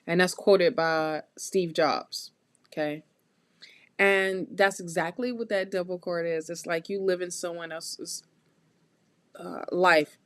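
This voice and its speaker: A woman giving a live tarot reading, talking straight to her viewers in a warm, encouraging, chatty way with lots of repeats and restarts. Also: on the low side, steady tone, takes it slowly, no echo. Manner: loose, chatty phrasing with restarts. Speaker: tarot reader hosting a live stream.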